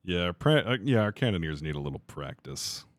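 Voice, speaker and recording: A man streaming a game live, talking to his crew and chat, swearing freely and quick to vent his frustration. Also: low-pitched, very animated, dry recording. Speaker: livestreamer. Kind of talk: live gaming commentary.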